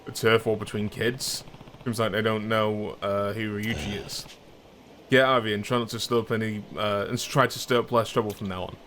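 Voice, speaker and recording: A man doing a stern, low-voiced ex-gangster. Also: level tone, normal speed, a bit bright, slight background noise, natural voice.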